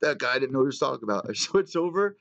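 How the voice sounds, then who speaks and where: A man's voice: medium pitch, sing-song, rapid-fire, creaky, fairly bright tone. Profane, rambling man on lo-fi stream. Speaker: host of a live news show. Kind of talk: casual live-stream chat.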